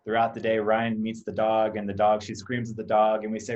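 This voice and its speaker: A man's voice: fairly low pitch, monotone, brisk, hardly any pauses, a little mellow, lo-fi sound. A man in his thirties, a behavior analyst, talking casually in an interview and explaining his work through acted-out everyday examples, often checking in with "right?". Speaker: behavior analyst, clinic co-owner.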